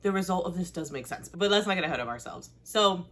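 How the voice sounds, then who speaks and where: A woman hosting a casual TV recap, chatty and animated, blunt and slangy, laughing often. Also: quick pace. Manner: chatty and animated, with big pitch swings and frequent laughs. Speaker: host.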